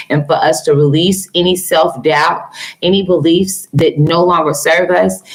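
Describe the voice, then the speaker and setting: In a low voice over poor audio, a woman gives a relaxed tarot reading on a live stream. She addresses her viewers with features warmly, calling them "girl" and "honey."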